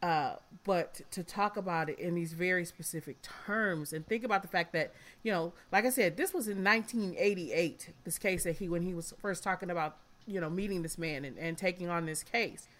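A woman's voice: on the low side, moderate pace, few pauses, a bit bright. A woman in her fifties hosting a casual podcast, frank and blunt, swearing freely and calling her guests darling, emotional and close to tears. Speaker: podcast host.

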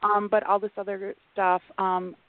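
A woman's voice: mid-range voice, monotone, normal speed. A Midwestern American woman in her forties from Wisconsin, calling in to a radio show, talking in a hesitant, rambling way full of fillers and restarts. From Wisconsin, USA. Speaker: caller. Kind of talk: radio call-in. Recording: dry, tinny phone line.

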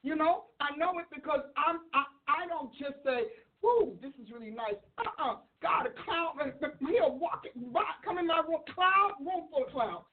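Excitable high-voiced woman preaching. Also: normal speed, few pauses, phone-quality sound. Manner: excitable, animated, laughs often, acts out quoted voices. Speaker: preacher and author. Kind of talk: sermon. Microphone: livestream.

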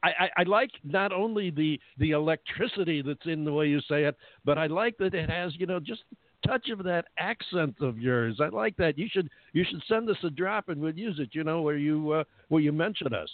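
On a radio talk show, a male host chats and jokes casually, laughing often. His voice is on the high side, animated and brisk, with no echo, though the sound is narrow and phone-like.

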